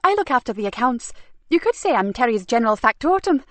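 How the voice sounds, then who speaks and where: A woman's voice: big pitch swings, fast talker, no echo. Woman doing Bella, a prim fussy wife. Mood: eager, chatty. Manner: prim, emphatic, slightly high. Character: fussy protective middle-aged wife, bookkeeper.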